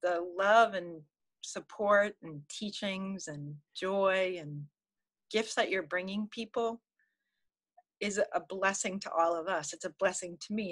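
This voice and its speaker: A woman guest in a video interview, speaking slowly and gratefully as a participant in a coaching program. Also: medium pitch, a bit bright. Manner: heartfelt, slow, grateful.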